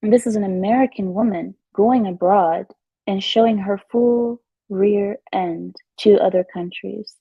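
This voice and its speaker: Husky-voiced woman chatting on a vlog. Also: medium pitch, a little slow, dry recording, phone-quality sound. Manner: chatty, emphatic, repeats herself, laughs often. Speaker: vlogger. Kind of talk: casual commentary vlog. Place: at home in her new house.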